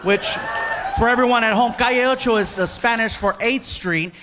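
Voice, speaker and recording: A man telling a stand-up comedy story in an animated way, laughing at his own jokes. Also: extremely high pitch, moderate pace, background noise. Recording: stand-up show with loud audience laughter.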